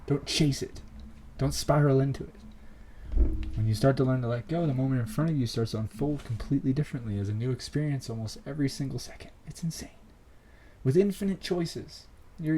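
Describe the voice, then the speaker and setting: A man hosting his own podcast, talking listeners through a motivational monologue in an earnest, encouraging way that repeats key phrases and leaves soft pauses. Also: medium pitch, a little hiss or hum, rough recording. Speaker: podcast host.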